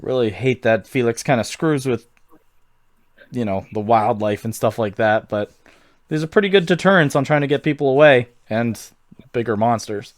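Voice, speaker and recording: A man's voice: medium pitch, moderate pace, no room sound, clean studio sound. A man running a tabletop role-playing game, talking in a casual, rambling way. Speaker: game master. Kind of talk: tabletop game narration and voicing.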